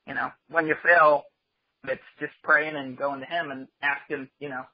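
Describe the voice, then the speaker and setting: Husky plain-spoken man on lo-fi audio. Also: fairly high pitch, steady tone, moderate pace. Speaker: interview guest, writer and director. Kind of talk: casual interview talk. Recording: dull, lo-fi remote audio.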